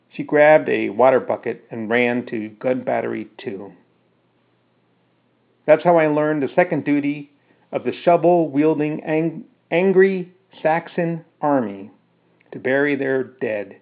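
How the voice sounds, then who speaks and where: A man narrates a first-person story in a steady voice of middling pitch, then explains it casually with fillers. The recording is narrow and phone-like. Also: a little slow. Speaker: storyteller reading his own story.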